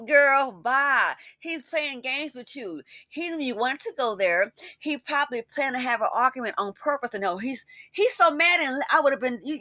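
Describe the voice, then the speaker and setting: A woman's voice: high-pitched, pushed and bright, dry recording, studio quality. A woman giving sassy, scolding commentary in a casual style. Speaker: commentary host.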